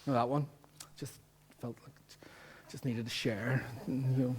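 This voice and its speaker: A man with a Northern Irish accent preaching a sermon as pastor, lively and jokey, full of rhetorical questions. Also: medium pitch, moderate pace, pauses often, a little hiss or hum. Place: church.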